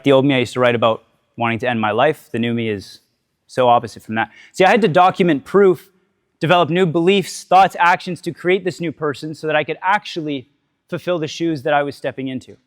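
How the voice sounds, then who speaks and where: A man's voice: mid-range voice, no echo, clean studio sound. A man giving a candid motivational talk to a live audience, telling his story, swearing freely, asking questions and tagging lines with "right?".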